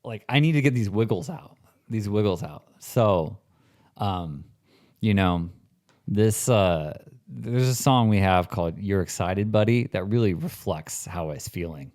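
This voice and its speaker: A man's voice: fairly low pitch, expressive, measured pace, a little mellow. A man in his forties, co-hosting a comedic podcast in a rambling, casual way, full of "like" and swearing. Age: 40s. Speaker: podcast co-host.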